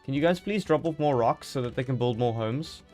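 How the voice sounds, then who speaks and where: A man's voice: mid-range voice, fairly quick, darkish tone, soft background music. A man streaming a game live, chatting casually and joking as he thinks aloud.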